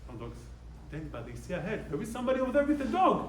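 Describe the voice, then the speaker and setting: A man's voice: high-pitched, rapid-fire, reverberant. Male rabbi, storytelling sermon, slightly distant mic, faint room noise. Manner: animated, acts out dialogue in changing voices. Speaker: rabbi giving a weekly class. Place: synagogue hall.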